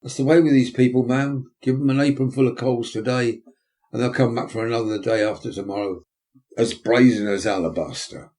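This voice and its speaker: A man's voice: medium pitch, steady tone, a little fast, a little mellow, close to an everyday voice. A man voicing a pompous, self-important male parish beadle, blustering and indignant.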